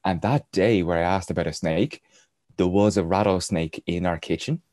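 A man's voice: low-pitched, moderate pace, a little mellow, no echo, clean studio sound. A man, a podcast guest, telling a rambling travel anecdote in casual storytelling style and chuckling as he goes.

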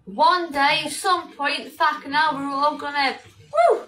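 A woman's voice: high voice, steady tone, a little slow, sharp tone, echoey room, slight background noise. A woman on a livestream, answering back defiantly and swearing heavily.

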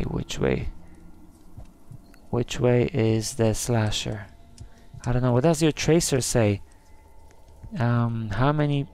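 A man's voice: medium pitch, vocal fry, a little mellow, a little hiss or hum. A man commentating a scary game he is playing, easily spooked, gasping and crying out in alarm. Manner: jumpy, easily spooked, gasps and cries of "oh no". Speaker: gaming channel host. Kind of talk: let's play commentary.

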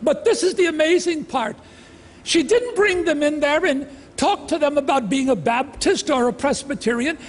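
A man in his sixties giving an emotional personal testimony in a slow, dramatic delivery with heavy pauses, speaking in a large outdoor amphitheatre. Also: very high voice. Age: 60s. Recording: long reverb from a large venue, faint ambience.

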